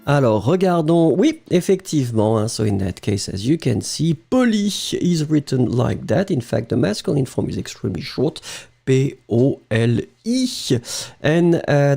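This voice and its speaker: A man's voice: on the high side, vocal fry, mellow. A middle-aged French man with a French accent, teaching a live online lesson in a chatty way, often laughing and slipping into French. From France.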